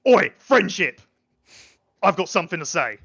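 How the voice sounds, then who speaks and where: Bloke voicing a loud angry arena brute, blunt, bright edge, dull mic. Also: male voice, medium pitch, brisk, lightly acted. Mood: demanding. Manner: blunt and shouty, barks demands. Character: angry brutish male arena fighter.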